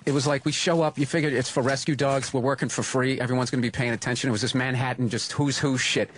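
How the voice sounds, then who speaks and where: A male comedian telling profane, animated stories about fellow comics. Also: medium pitch, quick pace, no room sound. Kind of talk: casual anecdote telling.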